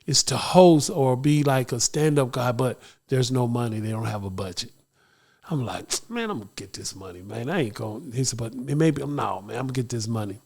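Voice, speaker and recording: A man's voice: medium pitch, expressive, fairly quick, gravelly, a little mellow. A man hosting a podcast, also a radio morning host, telling a personal story in a casual, slangy, emotional way.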